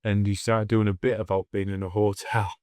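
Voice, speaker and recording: Podcast comic, deeper voice, animated storyteller, heavy swearing, dry sound. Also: male voice, a little fast, smooth, no echo. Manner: swears constantly, animated anecdotes. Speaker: comedian podcast co-host. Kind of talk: casual storytelling chat.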